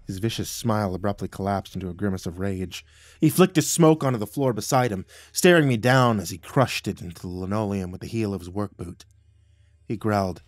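A man narrating a horror story, swinging from hushed to loud. His voice sits low, the sound is dry and close, and faint music plays behind him. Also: fairly quick, no room sound. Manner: dramatic, jumps between hushed and loud. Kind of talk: scripted first-person horror narration.

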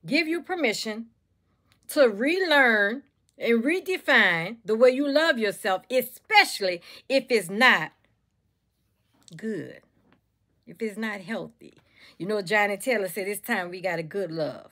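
A woman's voice: mid-range voice, lively intonation, unhurried, fairly bright tone. Woman, motivational speaker, preachy repetition. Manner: preachy, repetitive, calls listeners baby and y'all. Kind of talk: motivational talk to camera.

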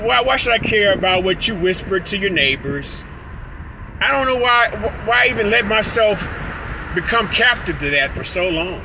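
An expressive, high-sitting male voice comes through at a moderate pace over background noise. He's a vlogger from Illinois driving his car and talking to his phone in a loose, rambling monologue full of stuttered restarts and laughing asides.

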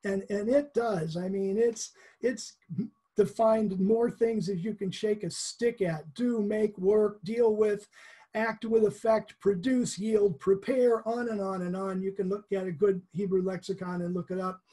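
Casual Bible teacher: husky, warm tone, chatty and explanatory, chuckles often. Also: mid-range voice, fairly even intonation, a little slow. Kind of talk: conversational Bible lesson.

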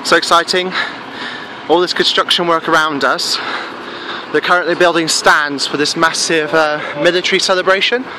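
A man chatting casually in a travel vlog, excitable and full of fillers, filming himself indoors and then outdoors on a handheld camera. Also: a little high, normal speed, noisy background. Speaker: travel vlogger. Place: hotel room, then outdoors at a castle.

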